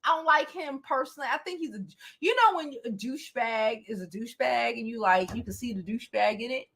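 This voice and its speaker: A woman vlogger telling a casual storytime to her viewers, animated and profane, often breaking into laughter. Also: fairly high pitch, fairly quick. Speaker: beauty vlogger.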